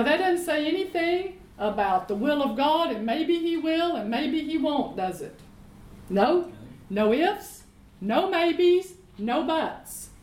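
A woman's voice: high-pitched, a little mellow, echoey room, low-quality recording. A woman teaching from the Bible in an emphatic way, repeating her points and asking rhetorical questions. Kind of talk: teaching sermon in conversation.

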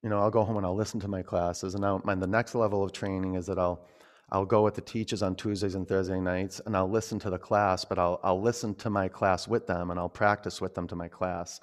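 A man teaching a yoga class, gently cueing breath and poses in a loose, conversational way. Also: deep voice, little pitch movement, brisk.

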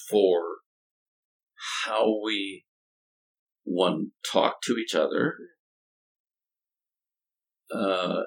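A deep-voiced older man with a gravelly, creaky edge talks through ideas in a conversational, storytelling way. He often doubles back on his words and drops in homespun phrases. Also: fairly bright tone, poor audio. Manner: thoughtful, halting restarts, folksy turns of phrase. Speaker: former college president and speaker.

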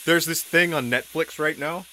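A young man in casual comedic chat, telling an animated story full of laughter and swearing. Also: on the high side, normal speed.

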